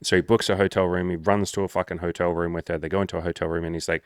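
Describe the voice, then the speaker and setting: A low-voiced man coaches the viewer in a blunt, swearing, animated way, like a dating coach talking to camera. The sound is dry and close, with no room echo. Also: racing, clean tone. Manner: blunt, profane, animated storytelling. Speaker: social skills coach. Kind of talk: direct-to-camera monologue.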